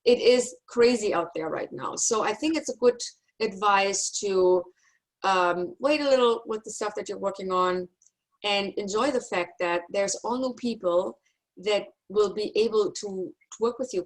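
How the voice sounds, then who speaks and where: A middle-aged woman with a German accent teaches a university class over a video call. She talks in a loose, chatty way, reassures her students and makes fun of herself. Her voice sits at an average pitch. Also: normal speed, poor audio. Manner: chatty, self-deprecating, reassuring. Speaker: university instructor. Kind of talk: online class lecture. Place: home office on a video call.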